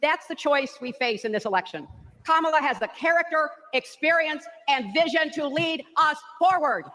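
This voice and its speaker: A woman's voice: high-pitched, animated, moderate pace, a bit bright, a little hiss or hum. An older woman giving a rousing convention speech in rhythmic oratory, played from a broadcast. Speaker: political speaker.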